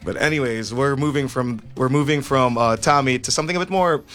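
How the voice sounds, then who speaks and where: A man's voice: medium pitch, fairly quick, fairly bright tone, soft background music. A man hosting a radio show in casual chat, easygoing and restarting his phrases often. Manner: easygoing, repeats himself as he talks.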